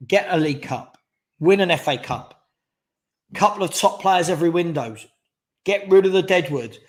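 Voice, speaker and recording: A man hosting a live fan stream, chatting casually and giving strong opinions while reading out viewer questions. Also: a little high. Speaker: fan channel host.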